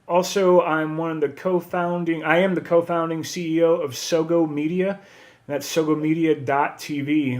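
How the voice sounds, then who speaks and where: Polite pastor guest. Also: male voice, on the high side. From Texas. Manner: polite, says "yes, sir". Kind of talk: phone-in radio interview.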